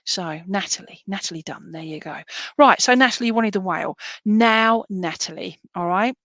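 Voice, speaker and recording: A woman's voice: mid-range voice, unhurried, a bit bright, no room sound. A woman giving chatty, reassuring psychic readings on a live stream, full of fillers. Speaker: psychic reader.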